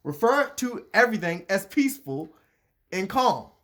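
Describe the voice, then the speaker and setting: A man's voice: high voice, sing-song, moderate pace, fairly bright tone. A man reading a letter aloud and commenting on it in casual chat, repeating his points and restarting sentences as he goes.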